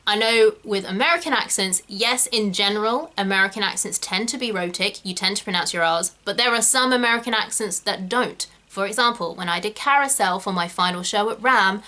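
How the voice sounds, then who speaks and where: A young woman from Britain with a non-rhotic English accent talks through a casual video lesson as an acting teacher. Her voice is bright and a little sharp. She rambles into tangents and stops to correct herself mid-sentence. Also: mid-range voice, a little fast, hardly any pauses. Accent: British English, non-rhotic.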